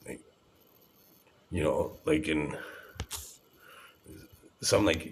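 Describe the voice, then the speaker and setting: A man's voice: very deep voice, lively intonation, unhurried, pauses often, slight background noise. A man in his forties talking to camera in an agitated, rambling, profane monologue. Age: 40s.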